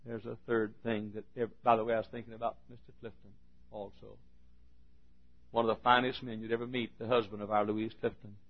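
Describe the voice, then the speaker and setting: A man preaching a sermon in a church, swinging between shouted appeals and quiet asides. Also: lowish voice, level tone, a little fast. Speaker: pastor. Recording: dull lo-fi sermon recording.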